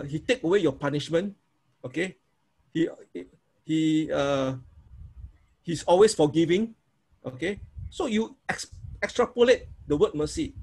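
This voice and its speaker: Husky-voiced man preaching casually. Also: high-pitched. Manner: repetitive, informal, demonstrates prayers aloud. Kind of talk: sermon teaching on prayer.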